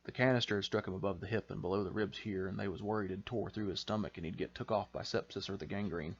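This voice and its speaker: A man's voice: on the low side, fairly even intonation, fast talker, muffled recording, lightly acted. A man voicing a shy, sickly rural infantry veteran, with a folksy, hesitant drawl. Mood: plain.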